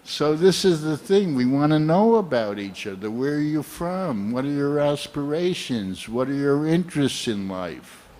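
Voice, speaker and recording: A man's voice: on the high side, lively intonation, unhurried, few pauses, a little mellow. An older man giving a sermon at a temple program, speaking in a reflective, storytelling way.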